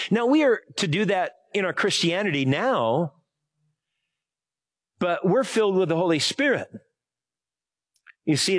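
A man preaching a casual sermon, telling a rambling personal story full of fillers and self-corrections. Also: fairly high pitch. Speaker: pastor.

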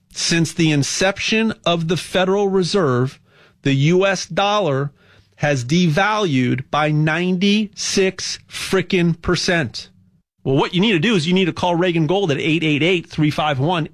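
A man hosting a casual talk, rambling with repeated words and growing animated as he goes. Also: high-pitched. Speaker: host.

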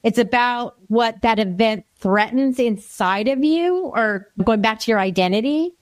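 A woman's voice: on the high side, unhurried, no room sound. A woman interviewer telling a chatty anecdote and asking questions. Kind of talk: interview conversation.

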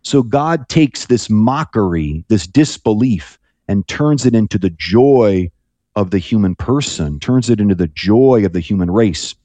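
Low, mellow-voiced priest talking on radio. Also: male voice, expressive, unhurried, dry recording. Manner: thoughtful, rambling with frequent restarts. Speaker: priest guest on call-in radio. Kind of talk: reflective radio talk.

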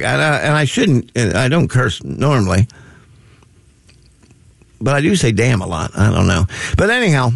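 Male talk radio host, folksy and curmudgeonly, lively swooping pitch, gravelly edge, dry close studio sound. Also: no room sound. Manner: self-mocking curmudgeonly rambling with many restarts.

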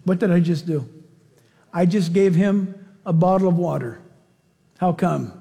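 Animated high-voiced preacher in a hall. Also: male voice, a little slow, gravelly. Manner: animated, folksy preaching with rhetorical questions. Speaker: pastor. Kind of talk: sermon. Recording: long hall reverb.

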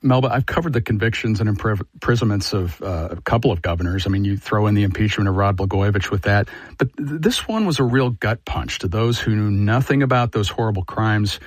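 A man, a politics editor, recounting a story in a measured, conversational way in a radio news interview. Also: fairly low pitch, animated, no echo.

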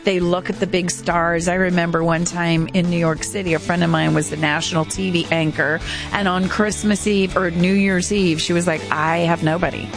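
A woman's voice: on the low side, flat delivery, moderate pace, gravelly, hardly any pauses, over music. A woman hosting a radio interview, asking questions and affirming her guest's story. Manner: warm affirming listener, frequent mm-hmms. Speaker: show host.

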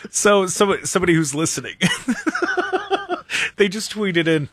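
A man's voice: sits high, unhurried, slightly rough, no echo. A man hosting a political talk show, casually reacting to listener tweets and clips and laughing often. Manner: laughing, animated, reads listener tweets aloud.

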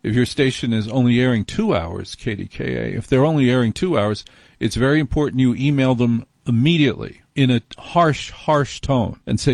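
A man's voice: mid-range voice, moderate pace, creaky, a little mellow, no room sound. A man hosting a radio show, telling rambling jokey stories and reading ads in a wry manner. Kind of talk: comic monologue and read ads.

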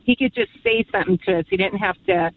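This female caller speaks quickly at a medium pitch through a phone line with slight background noise. On the radio call-in show, she fondly and emotionally wanders through memories of her late father, near tears.

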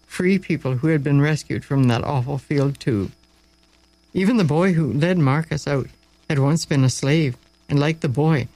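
A man's voice: on the high side, dry recording, low-quality recording. Dramatic male storyteller, dry close sound. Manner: expressive, dramatic storytelling with slow pauses. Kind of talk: spoken story narration.

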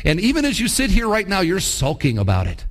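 A man's voice: sits high, huge pitch swings, fairly quick. A man preaching a sermon as pastor, talking conversationally and putting rhetorical questions to his congregation.

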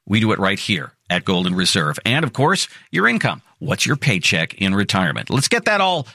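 An upbeat male radio host who pitches his show with a bright, forceful tone. His pitch rises and falls a lot, and the sound is close and dry. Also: a little fast, gravelly, dry recording. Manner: upbeat and promotional, with a lively pitch. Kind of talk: talk radio ad read and chat.

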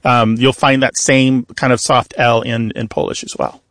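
A man's voice: mid-range voice, little pitch movement, moderate pace, a bit bright, dry recording, studio quality. A man co-hosting a call-in radio show, explaining language to callers patiently and with examples. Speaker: radio show co-host, linguist.

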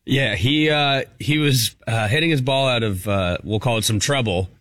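A man's voice: medium pitch, normal speed, fairly bright tone, dry recording. A man co-hosting a talk radio show, chiming in with dry, snarky remarks. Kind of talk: casual talk radio banter.

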